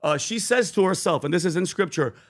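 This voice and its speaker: A man, co-hosting a podcast, pitching merch and earnestly retelling a Bible story. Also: fairly quick. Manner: earnest, animated storytelling with acted quotes. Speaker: podcast co-host.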